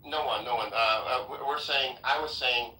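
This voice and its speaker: Hesitant man, bright and echoey. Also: medium pitch, normal speed. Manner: hesitant, repeats words. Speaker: podcast panelist. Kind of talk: casual political debate. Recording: roomy echo, distant mic.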